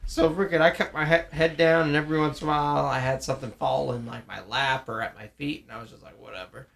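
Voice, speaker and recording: A man's voice: fairly high pitch, fairly even intonation, fast, creaky, a bit bright. A young man co-hosting a casual chat, telling profane, rambling school stories and acting out what people said. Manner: profane, rambling, acts out quotes. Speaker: podcast co-host.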